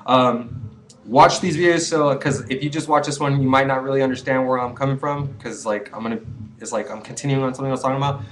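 A man's voice: medium pitch, fairly even intonation, fast, fairly bright tone, poor audio. Earnest rambling man in his twenties. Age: 20s. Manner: rambling, earnest, with many restarts and fillers. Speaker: vlogger giving quitting advice. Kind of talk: casual advice vlog.

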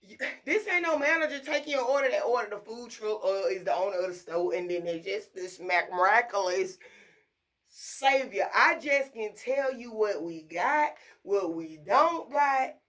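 A woman, ranting casually and bluntly about her fast-food job, full of profanity. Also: medium pitch, expressive, a bit bright. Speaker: vlogger. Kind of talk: casual rant to camera.

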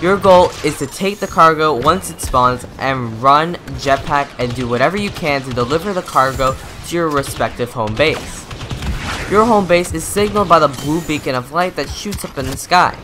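A man's voice: fairly high pitch, normal speed, music in the background. A young man reading a methodical, scripted gameplay tutorial voice-over into a close microphone. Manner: methodical, instructive. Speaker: gaming YouTuber.

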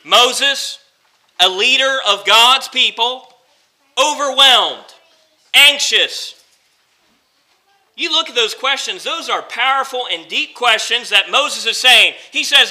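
A male pastor delivers a sermon in a high, strikingly bright voice. He repeats phrases for emphasis and slows down for scripture. His delivery swings from quiet and slow to louder and faster. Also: lively intonation, rough recording.

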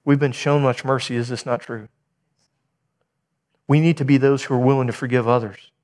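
Man preaching with animated storytelling. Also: medium pitch, normal speed. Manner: animated storytelling, acting out dialogue. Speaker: pastor. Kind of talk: sermon.

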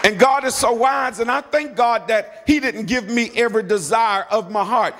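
A middle-aged man with a high voice preaches a sermon in a church, his words trailing off into a long hall reverb. He drives points home by repeating phrases and urging the congregation to answer back. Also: moderate pace, fairly bright tone, a faint crowd, a little hiss or hum. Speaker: pastor.

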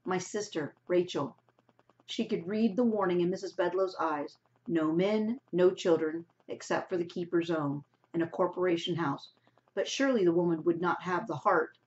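Woman teacher reading a novel out loud, lowish voice, dull lo-fi audio. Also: normal speed. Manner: steady read-aloud narration. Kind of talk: reading a novel aloud to a class. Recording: dull lo-fi recording.

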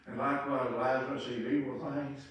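A grave, deep-voiced old patriarch Abraham delivers his rebuke slowly and solemnly, as an older preacher puts him on. The voice sits well below the preacher's own. It sounds distant in an echoing room. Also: flat delivery, a bit bright, lightly acted. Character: stern old patriarch Abraham answering from heaven. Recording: echoey room, distant mic.

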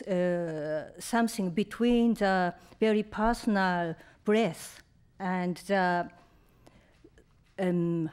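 Japanese-accented author, woman in her fifties, unhurried and halting, lowish voice. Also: a little mellow, clear, resonant tone. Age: 50s. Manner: slow, hesitant, searching for words. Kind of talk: reading and answering questions.

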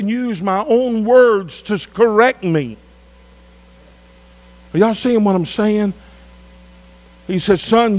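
A middle-aged man preaching a revival sermon as pastor, with drawn-out emphatic phrases. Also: high-pitched, a little mellow. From Arkansas.

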